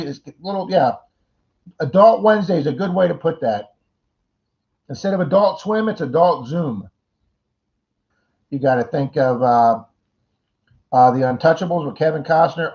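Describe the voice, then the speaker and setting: A middle-aged man hosting a casual livestream chat, greeting viewers by name and rambling through jokey asides. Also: fairly high pitch. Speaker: livestream host. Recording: dull lo-fi stream audio.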